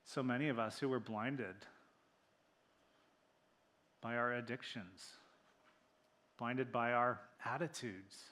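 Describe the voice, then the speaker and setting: A man preaching a sermon in a church, animated, acting out quoted voices and dropping to near-whispers for emphasis. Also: medium pitch, slow, pauses often. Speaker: pastor. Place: church sanctuary.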